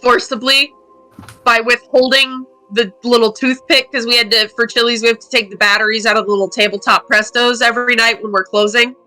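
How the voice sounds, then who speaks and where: A young woman, a player in a tabletop group, tells a story with animation and laughs as she talks. Her voice is bright and a bit high, with faint music playing behind her. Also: level tone, brisk, low-quality recording. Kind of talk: casual chat.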